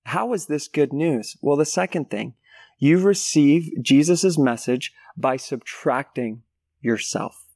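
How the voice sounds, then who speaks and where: A man's voice: fairly high pitch, lively intonation, a little slow, a little mellow, no echo, studio quality. A man in his thirties preaching a sermon as a guest speaker, telling a personal story with acted-out voices and sound effects. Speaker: guest pastor.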